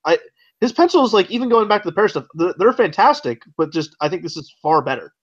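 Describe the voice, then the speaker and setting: A man in casual podcast chat, animated and questioning, his voice jumping up when he gets excited. It sits a bit high and swings widely in pitch. The sound is dull and lo-fi. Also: quick pace. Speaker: podcast co-host.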